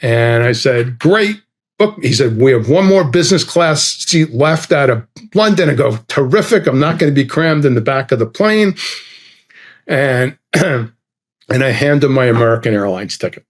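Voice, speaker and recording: A man's voice: mid-range voice, normal speed. A middle-aged man telling a travel anecdote in a casual chat, acting out the lines of the people in it. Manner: animated, acts out dialogue with quoted voices. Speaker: guest storyteller.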